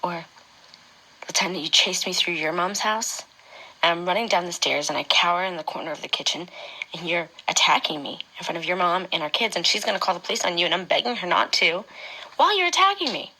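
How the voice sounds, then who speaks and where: Husky, hushed woman telling her story. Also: fairly low pitch, animated, fairly quick, rough recording. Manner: often drops to a hushed whisper. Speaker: mother recounting her own experience. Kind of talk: emotional personal testimony addressed to a former partner.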